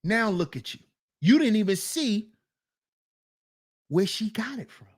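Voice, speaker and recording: Mocking woman with slow, lively delivery. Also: mid-range voice, slightly rough. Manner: mocking, scolding, repeats lines for emphasis; slips into mock voices of the men she criticizes. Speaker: commentary channel host. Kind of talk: reaction commentary.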